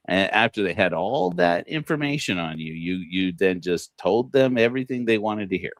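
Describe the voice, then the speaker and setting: A low-voiced man talking loosely on a livestream, full of ums, restarts and little laughs. The sound is dry and close, with no room around him. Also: animated, fairly quick, no room sound. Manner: rambling, many fillers and restarts, laughs at own jokes. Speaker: podcast host. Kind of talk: casual livestream commentary.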